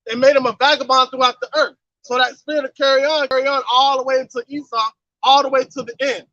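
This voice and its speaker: A man with a very high and bright voice speaks emphatically in a religious discussion and rounds off his points with "man" or "all right". The audio is dry and dull, like a lo-fi online call. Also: flat delivery, fast talker, no room sound. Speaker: Bible study participant. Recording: dull lo-fi sound.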